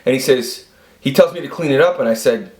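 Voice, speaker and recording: A man's voice: medium pitch, fairly quick. A man in his forties telling rambling, profane stories about his past into a camera he set up himself. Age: 40s. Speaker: vlogger. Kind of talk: casual storytelling monologue. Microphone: self-filmed camera. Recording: echoey room.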